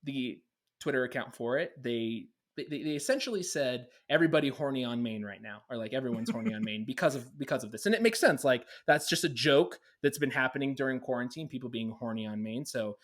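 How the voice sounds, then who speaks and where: A man co-hosting a podcast in casual chat, animated and jokey, often laughing. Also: mid-range voice, a little fast. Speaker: podcast co-host.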